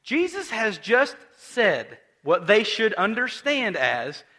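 A male pastor delivers a conversational sermon in a high, bright voice. His pitch swings widely as he tells the story in an animated way and turns to ask his listeners questions. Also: takes it slowly. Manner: animated storytelling with acted quotes and direct questions to the audience.

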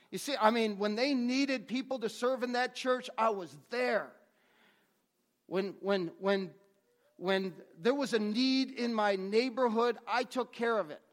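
A pastor with a high voice preaches earnestly at an unhurried pace. He often repeats a word or two as he restarts his phrases.

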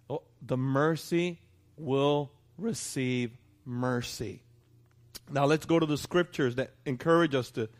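Male pastor in his thirties, fairly high voice, preaching in a church in a conversational way. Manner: conversational preaching, asks congregation for response. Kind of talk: sermon.

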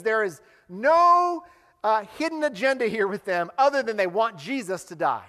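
A man preaching a sermon, explaining scripture with animated delivery and acted-out quotes. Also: high voice, normal speed, big-room sound. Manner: animated, acts out quoted lines. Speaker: pastor.

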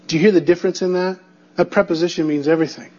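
A man with a high voice preaching a sermon as a pastor. He hammers home his points by repeating key phrases and throwing rhetorical questions at the listeners. The recording sounds dull and a little muffled. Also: steady tone, racing, a little mellow.

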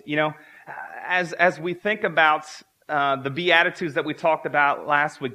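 Male pastor, thirties, preaching, bright voice, slightly high pitch, earnest repetition. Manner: earnest, repeats key phrases for emphasis. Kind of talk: sermon.

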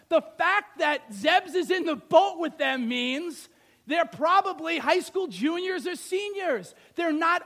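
Very high-voiced animated male preacher. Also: slow. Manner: animated, rhetorical questions, swings loud and soft. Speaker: pastor. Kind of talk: sermon.

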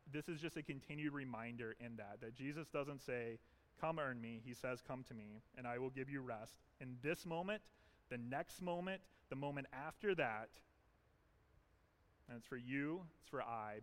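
Man, pastor, church sermon, earnest, emphatic, repetitive phrasing, medium pitch. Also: a bit bright.

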